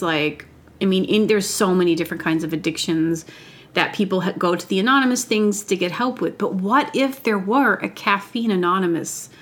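A woman hosting a podcast, talking in a rambling comedic monologue, often breaking off and restarting her thoughts. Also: medium pitch. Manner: chatty, self-interrupting, trails off mid-thought. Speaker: podcast host.

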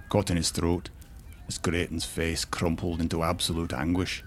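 A man narrating a fantasy story in a measured, expressive storytelling manner. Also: deep voice, a little hiss or hum. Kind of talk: audiobook-style fantasy story reading.

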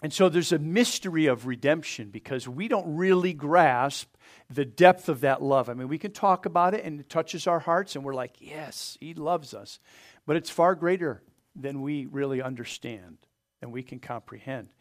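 A man pastor preaching a sermon, earnest, pressing his points hard and then letting them fall soft. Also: fairly high pitch, normal speed. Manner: earnest preaching with rising emphasis and soft drop-offs; asks the congregation to open their Bibles.

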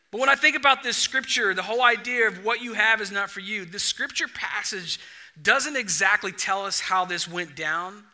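A young adult male pastor preaching a sermon to his church, telling stories with lively acted-out dialogue. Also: high voice, moderate pace. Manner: animated storytelling, acts out dialogue.

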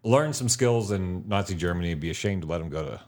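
Male podcast host, slightly low voice, casual explainer who trails off. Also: lively intonation, fast. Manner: musing, explanatory, trails off mid-sentence. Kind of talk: casual conversation.

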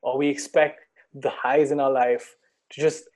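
A man from India, a podcast guest, speaking calmly and in a measured way with small hesitations. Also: medium pitch. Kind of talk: reflective conversation.

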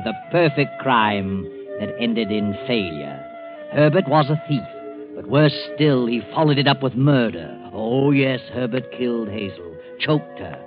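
A sinister, knowing narrator, as an actor voices him for a 1940s radio mystery. He speaks slowly and ominously in a low voice. Music plays behind him, and the broadcast sounds tinny and thin. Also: lightly acted. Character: sinister male narrator, the Whistler, knowing and mocking.

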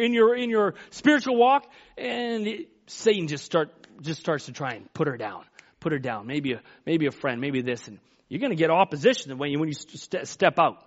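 A man's voice: sits high, a bit bright. A man preaching a sermon in a folksy, emphatic way, acting out Bible quotes as he goes. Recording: dull lo-fi recording.

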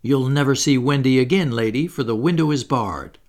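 A man's voice: mid-range voice, huge pitch swings, moderate pace, gravelly, fairly bright tone, husky, full character voice. Peter Pan, a cocky bragging boy, as a man puts him on. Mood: boastful. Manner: bragging, sneering. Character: boastful cocky boy who flies.

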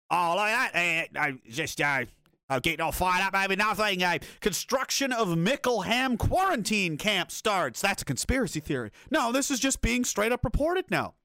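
A man's voice: sits high, a bit bright, dry recording. A man commentating on news clips in a profane, sarcastic, angry rant. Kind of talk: ranting video commentary.

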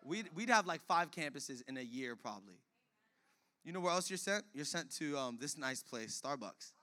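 High, bright-voiced young pastor preaching. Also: male voice, moderate pace, slight background noise. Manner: animated, acts out little scenes in casual slang. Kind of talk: energetic sermon.

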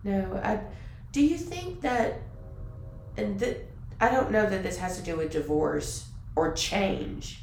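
A woman co-hosting a podcast in casual chat, talking in an animated way with many fillers. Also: mid-range voice, takes it slowly. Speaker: podcast co-host. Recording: roomy with faint background hiss.

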